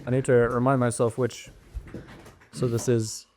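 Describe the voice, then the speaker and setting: A man's voice: medium pitch, little pitch movement, measured pace, a little mellow, a little hiss or hum. A man co-hosting a casual podcast about a novel, talking in a chatty, meandering way with many fillers and restarts. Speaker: podcast co-host. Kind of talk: casual book discussion.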